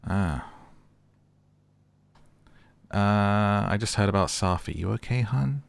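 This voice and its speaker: A man's voice: lowish voice, takes it slowly, creaky, pauses often, soft background music. A young man playing through a story game, reading its text messages aloud and chatting casually about what happens. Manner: reads in-game texts aloud between casual remarks; chatty, uses "like" a lot. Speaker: gaming YouTuber. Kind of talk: let's play commentary.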